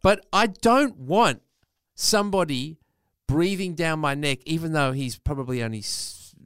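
A middle-aged man spins a mock-grumpy comic rant as a podcast co-host. His pitch leaps and dips in a lively way. The sound is dry and close, with no room echo. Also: a little slow, clear, resonant tone. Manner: mock-grumpy, animated storytelling. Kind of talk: casual comedic chat.

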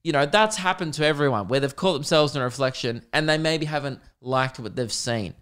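A man's voice: a little high, brisk, fairly bright tone, clean tone. A young Australian man hosting his own podcast, talking in a rambling casual monologue, laughing often and swearing freely. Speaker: podcast host.

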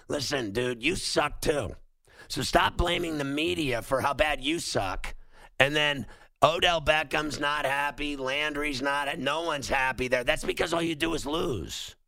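Gravelly ranting sports radio man. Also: a little high, unhurried, sharp tone, no room sound. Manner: ranting, sarcastic, emphatic. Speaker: sports talk show host.

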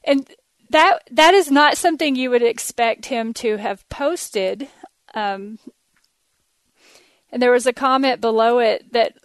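A woman's voice: a little high, unhurried, pauses often, no room sound. A woman with a Texas accent hosting a casual podcast monologue, chatty and laughing often, with plenty of ums and uhs. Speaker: podcast host.

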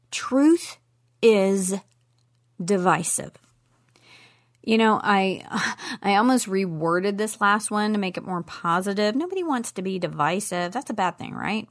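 A woman's voice: mid-range voice, very animated, normal speed. A middle-aged woman teaching a Bible lesson in an emphatic way, with playful asides. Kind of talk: teaching talk on Scripture.

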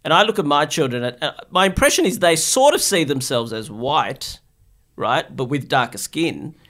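A man's voice: on the high side, very animated, normal speed, fairly bright tone. A middle-aged man from Bangladesh, a guest in a casual chat, talking in thoughtful, reasoned points. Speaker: guest psychiatrist.

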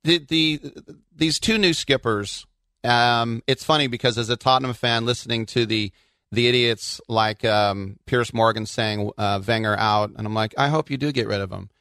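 Bright-voiced man telling sports stories. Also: medium pitch, moderate pace, clean tone, dry recording, studio quality. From Bay Area, California. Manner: animated storyteller, laughs often. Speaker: soccer podcast co-host. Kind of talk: casual sports chat.

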